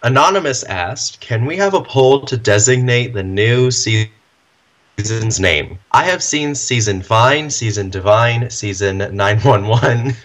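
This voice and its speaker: A man's voice: medium pitch, animated, slow pace, a bit bright. A man hosting a fan podcast, reading listener questions aloud in an easygoing way and laughing often. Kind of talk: casual chat.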